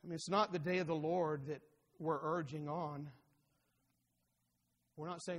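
A male pastor preaching a sermon, rising to fervent urging and dropping low and quiet. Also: steady tone, measured pace, long pauses, in a large hall.

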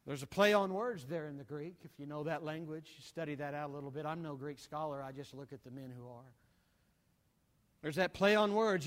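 A man with a high voice preaches a sermon and fills a big hall whose sound rings on after each phrase. He repeats words for emphasis and swings from loud declarations to hushed single words. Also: normal speed. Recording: long reverb of a large hall.

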